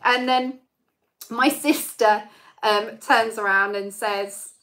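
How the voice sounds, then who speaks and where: A woman's voice: fairly high pitch, steady tone, slow, pushed and bright. A young woman hosting a live Q&A, chatting in a rambling way with lots of fillers. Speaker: channel host. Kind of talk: live-stream Q&A chat.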